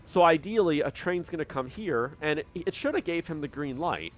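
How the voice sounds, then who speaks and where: Recorded through a studio dynamic mic, this gameplay commentator talks through his train-building game at a moderate pace. His voice is a little high and animated as he muses out loud and works through problems in a casual way.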